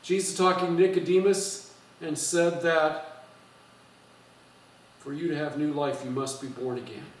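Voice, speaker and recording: Guy preaching a sermon, kinda high voice, far off the mic in a really echoey church, lots of uh and restarts. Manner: explanatory, emphatic, with fillers and restarts. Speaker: pastor. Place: church sanctuary. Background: strong room echo.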